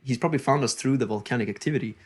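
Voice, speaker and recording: A man's voice: mid-range voice, rapid-fire, breathy edge. A man from Iceland co-hosting a live filmmaking podcast, talking in an easygoing, casual way. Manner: easygoing, laughs often, says like a lot. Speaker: podcast co-host. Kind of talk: casual live-stream chat.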